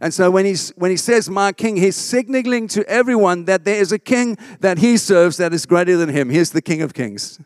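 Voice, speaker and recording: Male pastor mid-sermon, emphatic delivery, slightly high voice, dry close sound. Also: animated, moderate pace, few pauses, no echo. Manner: emphatic, asks the congregation for response.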